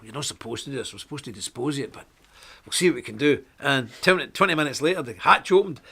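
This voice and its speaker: A middle-aged man, hosting a live web show in a forceful, preachy way with sudden bursts of emphasis. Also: a little high. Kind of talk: live-streamed preaching talk.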